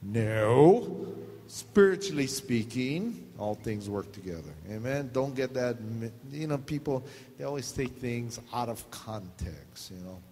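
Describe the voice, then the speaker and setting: A man's voice: medium pitch, animated, a little slow, mellow. A man pastor, preaching a joking sermon, laughing often and acting out quotes. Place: church hall. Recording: long hall reverb, faint noise.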